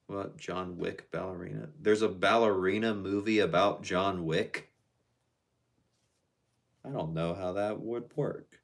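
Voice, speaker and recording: Man, lowish voice, live-stream host, reads chat aloud, relaxed and slangy. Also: measured pace, gravelly. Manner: reads viewer comments aloud and answers them; laid-back, slangy.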